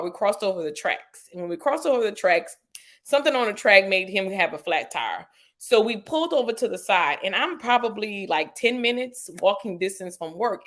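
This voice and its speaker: A woman, a podcast guest telling a personal story in a lively way, acting out quotes with sudden jumps in pitch and using lots of "you know" and "like". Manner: animated retelling, acts out quotes with sharp pitch jumps; frequent "you know" and "like" fillers.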